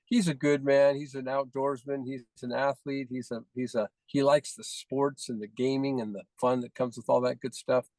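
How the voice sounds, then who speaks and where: A man's voice: medium pitch, flat delivery, moderate pace, hardly any pauses, darkish tone, dry recording, low-quality recording. A man leading a team call, praising members one by one in effusive, repetitive phrases. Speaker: team leader presenting recognitions.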